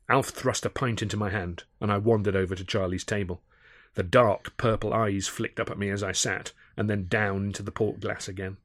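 Man, audiobook narrator, first-person storytelling, measured, low pitch, dry recording. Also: fairly even intonation, a bit bright, no echo. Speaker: author and narrator.

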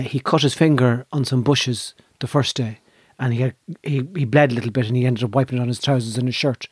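Husky Irish man telling stories. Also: mid-range voice, darkish tone, dry recording, studio quality. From Ireland. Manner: swears freely, vivid anecdotal storytelling. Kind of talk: casual storytelling chat.

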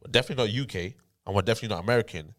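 An Irish-accented man with a fairly low voice talks over his friends in a loose debate. He keeps saying "listen" as he builds his case point by point. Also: racing. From Ireland. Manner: argumentative, holds the floor with "listen". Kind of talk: casual group debate.

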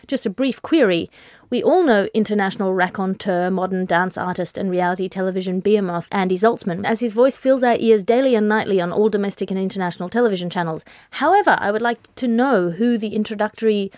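A woman's voice: mid-range voice, fast talker, few pauses, a little mellow, dry recording, clean studio sound. A woman hosting a comedy podcast in a mock-formal news presenter manner. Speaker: podcast host.

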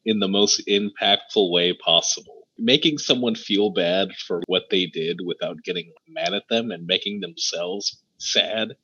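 Man, deep husky voice, relaxed, hesitant, dull lo-fi recording. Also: unhurried, few pauses. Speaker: book club member. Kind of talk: casual book discussion.

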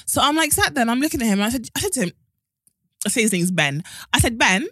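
A young woman, co-hosting a podcast and telling a story in casual chat, animated and acting out what people said. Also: a little high, rapid-fire, dry recording, clean studio sound. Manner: animated, acts out quotes, swears. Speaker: podcast co-host.

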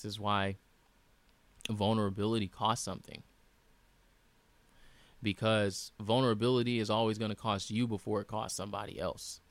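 Man, host, reflective monologue, earnest, repeats himself, lowish voice, dry close sound. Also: flat delivery, moderate pace, long pauses, dry recording. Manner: earnest, repeats phrases for emphasis.

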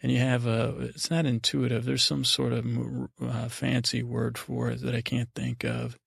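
A man with a very gravelly, fry-heavy voice rambles through a bedtime recap as a podcast host. His delivery is flat and monotone, full of hesitant fillers and wandering restarts, recorded close and dry. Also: medium pitch, normal speed, dry recording. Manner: meandering, hesitant, lots of fillers.

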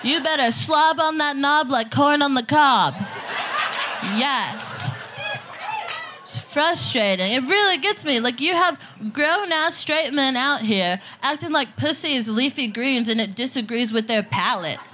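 A woman's voice: sits high, lively intonation, measured pace, background noise. A woman performing a crude, punchy stand-up set live on a festival stage, laughing through her jokes. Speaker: stand-up comedian, guest.

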